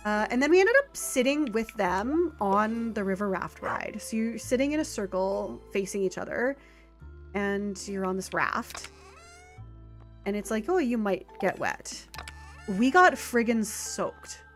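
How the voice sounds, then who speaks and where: A woman's voice: medium pitch, lively intonation, a bit bright. A woman streaming a farming game, rambling in casual chat with lots of filler words. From Canada. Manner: rambling and chatty, with filler words and quick laughs. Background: faint game music.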